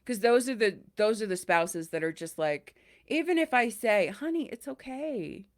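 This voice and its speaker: A woman's voice: medium pitch, moderate pace. A woman co-hosting a podcast in casual chat, telling stories animatedly and acting out the people in them. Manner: animated storyteller, acts out both sides of the call. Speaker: podcast co-host. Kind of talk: casual chat, retelling a customer service call.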